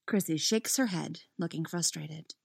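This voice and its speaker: A woman reading fiction aloud in an expressive way, dropping to a soft voice on the narration tags. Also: deep voice, measured pace, creaky, slightly rough, no echo, studio quality. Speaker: storyteller.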